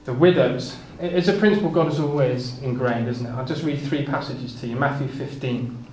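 A man's voice: medium pitch, fairly quick, darkish tone. A man preaching a Bible exposition sermon, reading King James scripture aloud and stumbling over repeated words as he explains it. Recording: echoey room with faint ambient noise.

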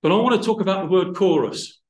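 A male preacher with a slightly high voice delivers a sermon in a reverberant church hall. He talks thoughtfully through word roots, then builds to emphatic, rising passages. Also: fast, darkish tone.

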